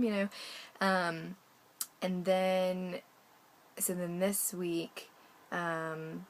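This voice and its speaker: A woman's voice: fairly low pitch, level tone, slow, long pauses, rough recording. A young American woman chatting casually in a video diary, rambling with lots of ums and little laughs. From United States. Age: young adult. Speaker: vlogger.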